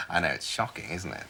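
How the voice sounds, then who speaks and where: A sneering scheming Tory MP. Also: male voice, on the high side, vocal fry, heavy background noise, heavily acted. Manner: sneering, mocking, theatrical. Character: scheming arrogant right-wing Tory MP, male, sneering. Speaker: politician. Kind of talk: sitcom acting.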